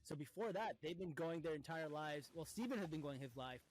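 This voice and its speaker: A man's voice: a little high, animated, brisk, slight background noise, low-quality recording. A man in casual podcast chat, laying out fan theories at length with plenty of fillers. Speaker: podcast co-host.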